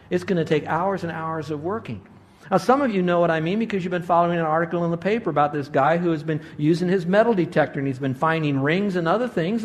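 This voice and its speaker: A man in his sixties, a pastor, preaching a sermon full of lively stories with sudden loud excited bursts. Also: high-pitched.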